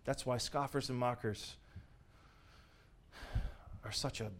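A male pastor preaching a sermon, lively and swinging between loud declarations and hushed, soft asides, with frequent chuckles. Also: mid-range voice, slow, a little hiss or hum.

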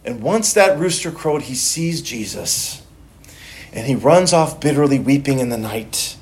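A man's voice: medium pitch, expressive, a little slow, a little mellow. A male pastor preaching a sermon in a conversational way, often restarting and repeating words as he goes.

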